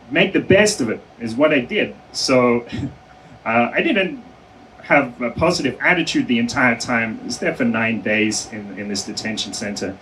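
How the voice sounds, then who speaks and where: A man's voice: medium pitch, fairly bright tone, far from the mic, slight background noise, low-quality recording. A man giving a conversational speech at a conference, telling a personal story with frequent fillers and self-corrections. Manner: conversational, many fillers and self-corrections, laughs between phrases. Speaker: conference speaker. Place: conference hall.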